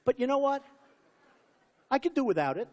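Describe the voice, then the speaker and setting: A man's voice: very high voice, sing-song, moderate pace, darkish tone, big-room sound. A man giving a campaign rally speech, rambling and repeating himself as he boasts. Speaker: political candidate.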